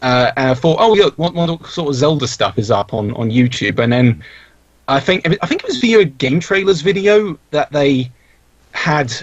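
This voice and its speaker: A man's voice: medium pitch, lively intonation, normal speed, dry recording. A young man, a podcast guest, talking casually and rambling with many restarts and fillers. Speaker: podcast guest, video creator. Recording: dull, dry lo-fi mic.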